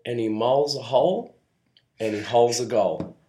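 A man's voice: medium pitch, normal speed, dark tone. A man co-hosting a podcast, teasing and joking in casual chat. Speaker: podcast co-host. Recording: echoey room.

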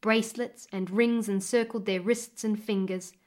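Expressive woman storyteller. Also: medium pitch. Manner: expressive, measured. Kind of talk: storytelling narration.

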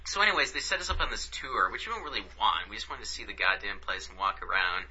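A man casually telling a story as a podcast co-host, animated and profane. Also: lowish voice, quick pace, a little hiss or hum. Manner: animated, profane, acts out quotes. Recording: dull lo-fi recording.

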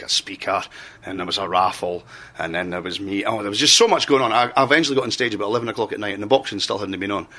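A man, a comedian, telling a story about a rough gig. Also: deep voice, pushed and bright. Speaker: comedian, guest. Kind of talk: telling an anecdote.

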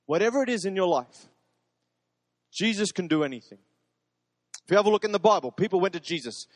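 A man's voice: high voice, expressive, a little fast, long pauses, no echo, studio quality, in a large hall. A man, a pastor preaching a sermon in an earnest, emphatic way that repeats phrases for stress.

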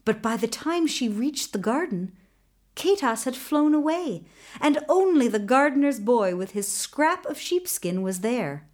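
Slow, expressive woman storyteller. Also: a little high. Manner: expressive, deliberate narration. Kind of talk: folktale storytelling.

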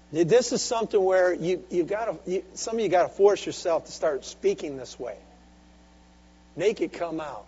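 A man preaching a sermon with call-and-response, swinging from soft, intimate asides to loud, driving exhortation. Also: sits high, moderate pace, husky. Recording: dull lo-fi recording with faint hum.

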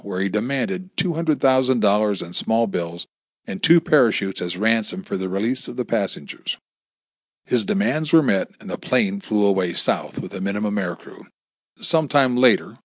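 A man's voice: fairly low pitch, no echo. A man doing a stately, authoritative older agent. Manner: formal and measured.

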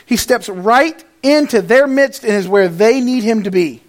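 A man preaching a sermon to his congregation, moving between raised, emphatic passages and quiet, hushed ones, and acting out the lines he quotes. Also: sits high, measured pace. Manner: animated, swings from loud to hushed, acts out quotes. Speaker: pastor.

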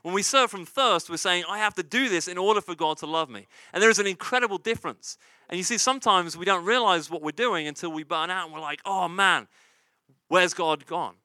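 Guy pastor preaching, high bright voice, dry close sound, keeps saying "right?". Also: brisk, dry recording. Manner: conversational preaching with frequent "right?" and "you see"; repeats key lines for emphasis. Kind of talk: sermon.

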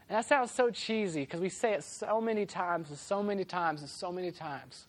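A man's voice: high voice, normal speed, hardly any pauses. A young man preaching to a youth group in a casual storytelling way, laughing often and acting out the people in his story. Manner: animated, laughing, acts out the voices in his story.

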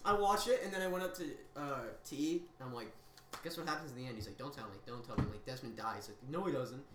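A young male podcast co-host talks quickly in a fairly high, animated voice, swearing a lot as he tells stories and acts out the people he quotes. It's casual chat recorded in an echoey room on a distant mic, with faint noise.

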